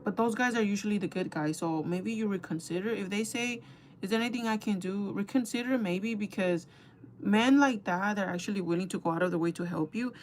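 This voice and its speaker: A woman's voice: mid-range voice, a little fast, slight background noise. A young woman chatting casually to her viewers while doing her makeup, gossipy and talkative, calling them girl and guys. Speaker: beauty vlogger.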